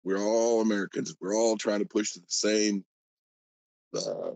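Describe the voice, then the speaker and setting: A man from Alabama calling into a live stream, talking casually and haltingly with many fillers and restarts. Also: fairly low pitch, very animated, creaky, a little mellow, no echo, poor audio. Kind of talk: casual chat.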